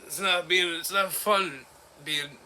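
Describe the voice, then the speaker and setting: A man in his forties talking in a personal vlog, halting and emotional, breaking into nervous laughs. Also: high-pitched, pushed and bright, a little hiss or hum. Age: 40s. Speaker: vlogger. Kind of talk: personal vlog recounting an ordeal.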